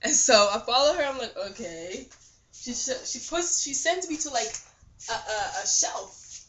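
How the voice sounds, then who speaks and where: A young woman vlogger retells a dream in a casual, lively way. She laughs often and fills her speech with "like." Her voice is bright and forceful. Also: high-pitched, normal speed, slight background noise. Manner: animated, laughing, lots of "like". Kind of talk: casual storytelling.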